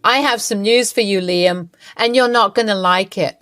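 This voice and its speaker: A woman's voice: mid-range voice, moderate pace, fairly bright tone, dry recording, natural voice. A woman voicing a scheming older mother-in-law who gloats smugly. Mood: gloating. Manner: smug, gloating.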